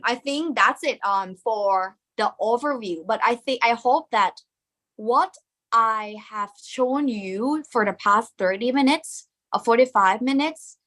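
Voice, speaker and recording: Thai woman teacher, accented English, bright tone, keeps checking in with her class. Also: mid-range voice. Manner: explains step by step, checks in with learners often; non-native English grammar, sprinkles Thai polite particles. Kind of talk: live online lesson.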